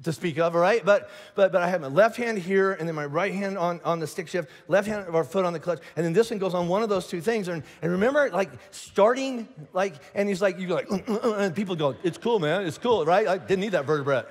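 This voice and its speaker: A middle-aged man from Indiana preaches to a large church, jumping into little acted-out voices as he tells his stories and often restarting his sentences. His voice sits high for a man, and it rings with the long reverb of a big auditorium. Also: fairly quick, hardly any pauses. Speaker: pastor. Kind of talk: sermon.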